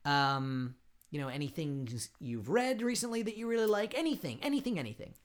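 Brief: a male comedy podcast host in casual interview mode. He is playful and rambling, and his pitch swings about a lot. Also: sing-song, fairly quick.

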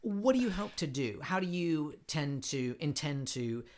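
A man's voice: on the high side, expressive, measured pace. A man hosting a comedy podcast who interviews his guest in a playful, jokey, rambling way. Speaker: podcast host.

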